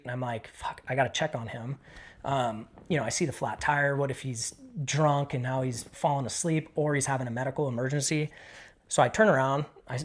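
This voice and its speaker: Brief: middle-aged male ex-cop, interview guest, loose and profane storyteller, medium pitch. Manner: casual, profane, animated retelling with quoted dialogue. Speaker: retired police K9 handler.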